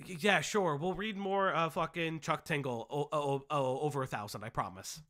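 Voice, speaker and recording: A man with a high, lively voice hosts a live commentary stream, swinging widely in pitch as he talks. His tone is very bright and sharp, and he curses freely in explosive bursts. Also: moderate pace. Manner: profane, explosive ranting. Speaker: stream host.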